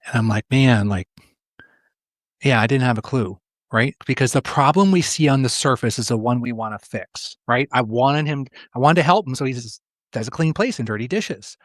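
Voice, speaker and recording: A middle-aged man talks as a coach in an interview, winding through a personal anecdote and often restarting his words. His voice is pitched in the ordinary male middle. The sound is close and dry, with no room around it. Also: animated, fairly quick, no room sound. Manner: repeats words while telling a personal story, often voicing the people in it. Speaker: executive coach, guest. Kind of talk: conversational interview storytelling.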